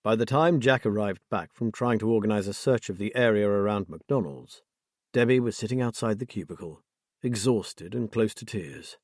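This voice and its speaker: A man narrating an audiobook thriller in a measured, expressive way, close to the mic. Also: on the low side, no room sound.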